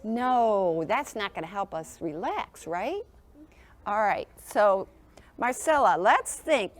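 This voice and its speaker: A woman's voice: mid-range voice, animated, takes it slowly, slight background noise. A woman presenting a sleep program in a school classroom, talking to young children in an encouraging, sing-song teacher manner and often checking in with them.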